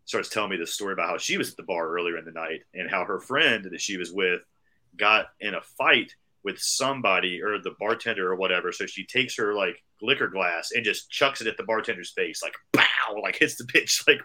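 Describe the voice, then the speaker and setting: A man co-hosting a podcast, telling a long, profane story casually and acting out the quoted voices of the people in it. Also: deep voice. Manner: fast, animated, acts out quoted voices. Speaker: podcast co-host.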